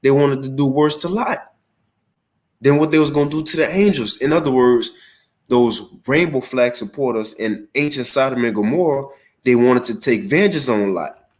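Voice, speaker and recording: A man's voice: mid-range voice, moderate pace. A man giving an online religious lesson in a casual, conversational way, with a cough and frequent fillers. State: has a cough. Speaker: religious teacher.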